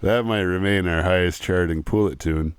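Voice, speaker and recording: A man's voice: sits low, normal speed, clear, resonant tone, no echo. A man co-hosting a podcast, chatting casually about songs, laid-back and chuckling as he gives opinions. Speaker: podcast co-host. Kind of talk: casual music chat.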